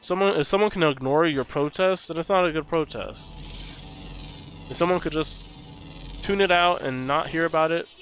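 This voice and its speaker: A man's voice: fairly high pitch, normal speed, a bit bright. A man streaming a game live, chatting in a sarcastic, ranting way. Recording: background noise.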